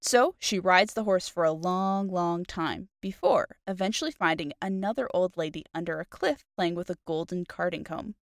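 A woman co-hosting a podcast who retells a fairy tale in a playful, animated way. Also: fairly low pitch, moderate pace, few pauses, no room sound, clean studio sound. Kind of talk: casual chat and story narration.

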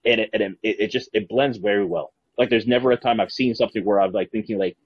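A man's voice: fairly low pitch, quick pace, hardly any pauses, slightly rough, no echo, muffled recording. A man co-hosting a podcast who talks loosely, with a lot of fillers. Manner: loose, filler-heavy talk. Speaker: podcast co-host. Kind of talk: casual podcast chat.

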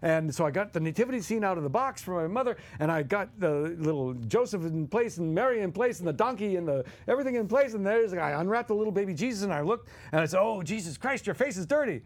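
A man doing an impression of an excitable, flamboyant older male comedian, rambling loudly and theatrically. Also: high-pitched, fast, hardly any pauses, pitched above the performer's own voice. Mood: gushing. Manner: loud, gushing, theatrical rambling.

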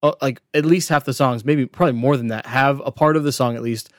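A man talks through a record in a relaxed podcast chat, leaning on "like" as he thinks aloud. His voice sits at an ordinary middle pitch. The sound is close and dry, with no room in it. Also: fast talker, dry recording. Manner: chatty, lots of "like" fillers. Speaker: podcast co-host. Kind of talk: casual chat about an album.

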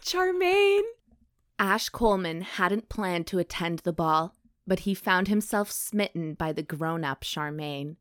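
A young woman chats through a book's plot with a laughing, joking manner. Her voice sits a little low for a woman. The sound is close and dry, with no room around it. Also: measured pace, fairly bright tone, no room sound. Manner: joking, laughs often, breezy retelling. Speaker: podcast co-host. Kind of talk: casual chat, reading a book blurb aloud.

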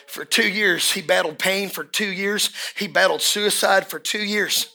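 High bright-voiced preaching pastor. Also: male voice, unhurried, creaky, few pauses. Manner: preaching that swings from hushed asides to shouted climaxes. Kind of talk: sermon. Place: church service in a room.

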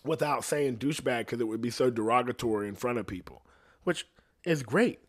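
A man with a mid-range voice rants on his podcast in a loose, comedic way. He swears constantly, laughs at his own points, and now and then sinks into a low mutter. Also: brisk. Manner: profane, rambling, laughs often; drops to a low mutter at times. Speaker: podcast host. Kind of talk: casual comedic rant.

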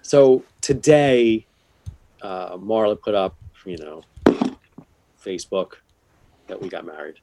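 A man's voice: low voice, takes it slowly, long pauses, heavy background noise. A middle-aged man in casual chat, laughing easily and swearing, on a video call. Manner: animated, laughs easily, profane.

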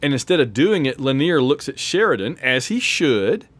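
A man's voice: medium pitch, moderate pace, no room sound. A man co-hosting a podcast in casual chat, acting out quotes with laughs. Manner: animated, acts out quotes with laughs. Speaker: podcast co-host.

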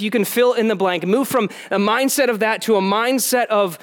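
A man with a fairly high voice preaches to his congregation. He talks plainly and conversationally, and he slips in casual asides between points. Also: moderate pace, hardly any pauses, clean tone. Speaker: pastor. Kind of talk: sermon.

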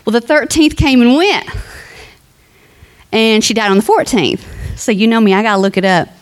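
A woman's voice: fairly high pitch, lively intonation, normal speed. A woman speaking at a funeral, giving a heartfelt, conversational eulogy that moves into a sermon and turns to the family directly. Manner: reads scripture aloud.

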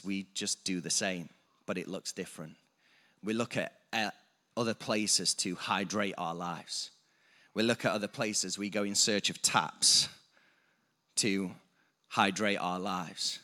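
Bright-voiced preacher man. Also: lowish voice, unhurried. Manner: preaching with rising emphasis and self-corrections. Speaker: pastor. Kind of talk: sermon.

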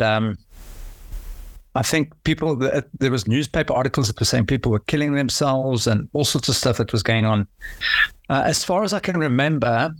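A man's voice: medium pitch, no room sound. A man chatting casually on a podcast, rambling and hesitant with frequent restarts.

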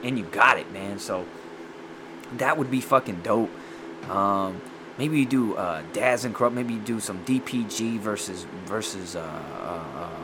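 A man chatting casually and profanely as he reacts to music, excitable and rambling. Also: medium pitch, slight background noise. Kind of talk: casual chat.

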